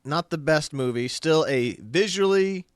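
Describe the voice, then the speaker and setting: A man's voice: on the high side, expressive, measured pace, clear, resonant tone, no echo, clean studio sound. A man co-hosting a casual movie review show, mostly chiming in with short agreement. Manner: brief agreeing interjections. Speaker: podcast co-host.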